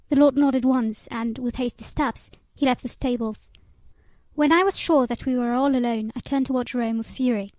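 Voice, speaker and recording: A woman's voice: on the high side, fairly even intonation, moderate pace, darkish tone, no echo. A woman reading a novel aloud and voicing its characters with little change. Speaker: audiobook reader.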